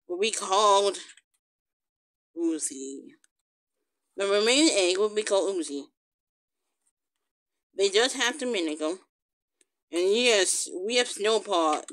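A woman's voice: mid-range voice, a bit bright. A female host commenting casually on her game, cooing in baby talk and humming to the pets she raises.

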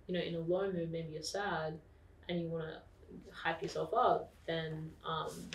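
An Australian woman explaining things calmly in a casual interview, with frequent fillers. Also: low voice, creaky. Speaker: podcast guest. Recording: roomy, distant mic.

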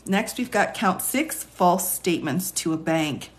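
Raspy Texan woman reading legal text. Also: fairly low pitch, expressive, measured pace, a little hiss or hum. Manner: reads legal text, then chats with viewers, laughing often. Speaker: attorney live-streaming legal commentary. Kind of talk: casual live-stream reading and commentary.

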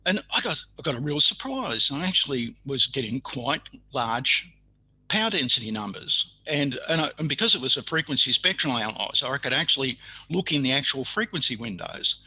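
An older man, telling a story in an interview, halting with many fillers and restarts. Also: mid-range voice, big pitch swings, pushed and bright, husky, dry recording, low-quality recording.

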